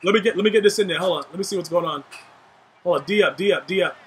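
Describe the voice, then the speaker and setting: A young man giving live gameplay commentary, trash-talking and shouting at his teammates in a hyped way. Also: high-pitched, rapid-fire. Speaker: gaming YouTuber.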